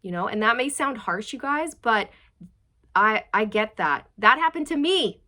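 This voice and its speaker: A woman's voice: fairly high pitch, lively intonation, a little slow, bright, forceful tone. A woman giving a casual tarot reading to her viewers, chatty and direct, asking many rhetorical questions. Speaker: tarot reader.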